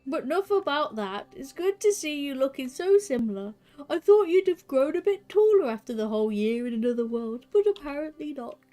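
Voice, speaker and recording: A woman voicing a hearty young male fighter, with a loud, bluff attempt at a northern twang. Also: high voice, expressive, fairly quick, soft background music, pitched above the performer's own voice. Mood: teasing.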